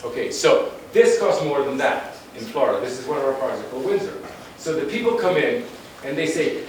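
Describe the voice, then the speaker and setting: A man's voice: medium pitch, big pitch swings, a little fast, few pauses. Man lecturing in a very echoey hall. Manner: emphatic and conversational, with blunt asides. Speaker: guest lecturer on urban planning. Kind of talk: conference presentation with slides. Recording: very echoey room, distant mic, faint noise.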